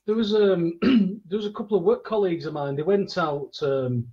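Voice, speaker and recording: Male podcast host, raspy and fairly high, casual storyteller who does the voices, lo-fi sound. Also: normal speed, mellow. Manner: rambling anecdotes, acts out the voices of the people in his stories.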